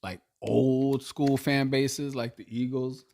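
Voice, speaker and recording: A man's voice: mid-range voice, flat delivery, takes it slowly, creaky, a little mellow. Joking, slangy man on a podcast. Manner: joking, slangy, laughs often. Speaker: podcast co-host. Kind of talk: casual sports chat.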